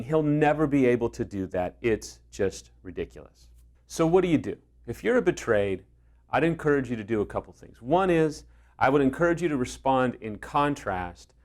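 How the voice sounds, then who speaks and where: A man coaching on affair recovery, talking earnestly and telling stories with acted-out dialogue. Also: medium pitch. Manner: earnest, storytelling, acts out quoted dialogue. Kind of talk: direct-to-camera advice talk.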